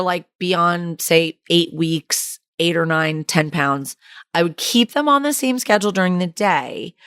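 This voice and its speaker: A woman's voice: on the low side, dry recording, clean studio sound. A young woman hosting an advice podcast, telling stories in a chatty way with lots of "like" fillers. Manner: chatty storytelling, frequent "like" fillers. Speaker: podcast host and infant caregiver.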